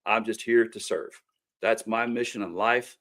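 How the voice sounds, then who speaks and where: A man's voice: fairly low pitch, steady tone, normal speed, a bit bright. A middle-aged man with a Kentucky accent, hosting a show and telling folksy stories in earnest, plain-spoken campaign talk. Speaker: host and candidate for local office. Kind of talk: casual campaign talk to camera.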